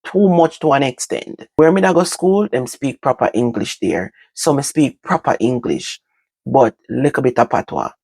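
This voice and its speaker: An older woman with a Jamaican accent, telling stories from her own life to her vlog audience in casual, animated talk that moves between patois and standard English. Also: rumbling low, normal speed, slightly rough, no echo. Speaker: vlogger. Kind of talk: casual storytelling to camera.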